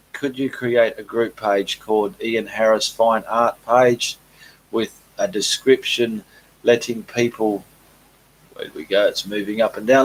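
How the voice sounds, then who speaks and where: Male host, husky voice, easygoing live Q&A chatter. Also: medium pitch, rough recording. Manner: relaxed, chatty, reads comments aloud with frequent ums. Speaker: painting channel host. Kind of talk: casual live Q&A reading viewer comments.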